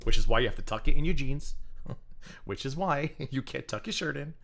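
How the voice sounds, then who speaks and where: A man's voice: medium pitch, expressive, fairly quick, creaky, a bit bright. A man hosting a livestream, giving casual drama commentary full of sarcastic, mocking asides. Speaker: livestream host.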